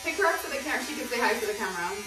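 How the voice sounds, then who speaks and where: A woman's voice: on the high side, animated, racing. Chatty woman vlogging in an echoey room. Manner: chatty, full of "um" and "like" fillers. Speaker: brand co-founder and vlog host. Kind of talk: casual home vlog chat. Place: home room during lockdown. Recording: echoey room, mic at a distance, background noise.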